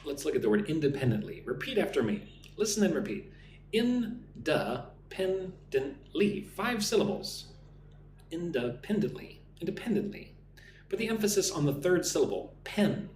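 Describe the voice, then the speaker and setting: A man in his thirties from the United States with an American accent, teaching English on a live stream, reading chat comments aloud and drilling pronunciation slowly. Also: a little high, very animated, a little mellow. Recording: echoey room with faint noise.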